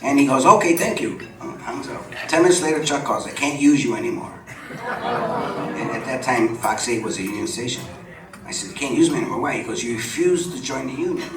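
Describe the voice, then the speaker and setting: An older man telling lively stories about his years in local television, acting out what others said and laughing often, before a live audience. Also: medium pitch, a little fast. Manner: chatty, laughs often, acts out quoted dialogue. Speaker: guest storyteller. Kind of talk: live on-stage storytelling. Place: supper club stage before an audience. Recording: roomy venue sound from a distant mic with background noise.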